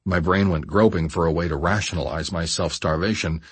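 Man, deep voice, husky, dry close sound, measured memoir audiobook narration. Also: no room sound. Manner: measured, steady storytelling.

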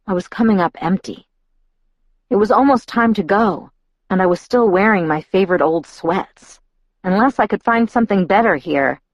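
A woman narrating a novel in the first person, speaking in a reflective, inward way. Her voice sits at an ordinary middle pitch. The recording is dry and close, with no room sound. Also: no echo, highs cut off. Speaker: audiobook narrator.

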